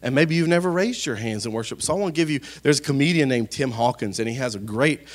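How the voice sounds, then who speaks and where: A pastor preaching to his congregation, holding a microphone. He is playful and animated, swinging from loud, excited calls to quiet, earnest talk. His voice is a man's voice of middling pitch. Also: quick pace. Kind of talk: sermon. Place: church sanctuary. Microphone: handheld microphone.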